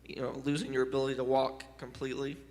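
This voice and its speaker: A man gently putting halting questions to a guest on stage at a youth service. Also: mid-range voice, monotone, vocal fry, long reverb tail. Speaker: youth leader interviewing a guest. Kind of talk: on-stage interview.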